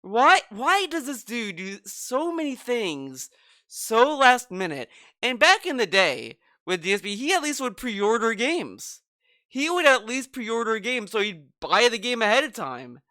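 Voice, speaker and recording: Animated, mocking commentary host. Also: male voice, extremely high pitch, a little slow, dry recording. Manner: mocking, profane, animated ranting. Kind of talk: reaction commentary.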